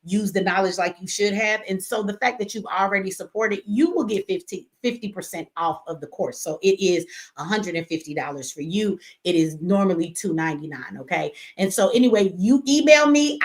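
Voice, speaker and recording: A woman hosting a casual live stream from home, chatty and slangy, cussing and reading viewer comments aloud. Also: on the low side. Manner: chatty, slangy, cusses and laughs often.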